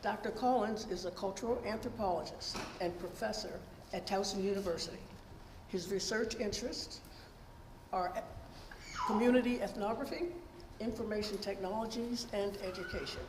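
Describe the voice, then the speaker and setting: Woman moderator, formal introductions, roomy echo, clear background noise. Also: medium pitch, moderate pace. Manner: announcing, reads prepared bios. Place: public hearing hall. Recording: echoey hall with noise.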